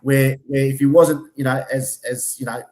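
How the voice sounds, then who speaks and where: A man's voice: medium pitch, flat delivery, moderate pace, warm tone, roomy sound, a little hiss or hum. An Australian man in a footy debate who rambles, stumbles and repeats his words as he defends his club. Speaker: podcast co-host. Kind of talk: heated footy banter.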